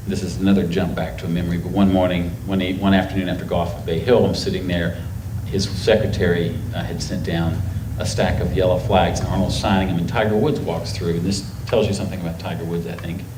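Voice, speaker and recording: A man's voice: sits low, level tone, quick pace, few pauses. A middle-aged man from North Carolina, an author telling anecdotes to a festival audience, rambling and emotional, acting out quotes. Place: festival stage before a live audience. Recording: echoey hall with faint noise.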